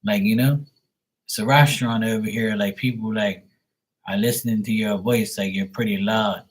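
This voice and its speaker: A man chats casually on a live stream, spinning loose anecdotes full of swearing and laughing at his own punchlines. His voice sits a little low and has a husky, breathy edge. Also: steady tone, moderate pace, low-quality recording. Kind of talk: casual storytelling chat.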